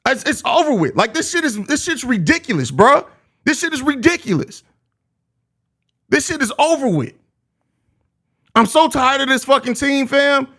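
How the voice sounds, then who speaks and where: A man's voice: very high-pitched, very animated, normal speed, pauses often, bright, forceful tone. A young man with a Chicago accent hosting a live postgame show, ranting heatedly and cursing. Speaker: podcast host.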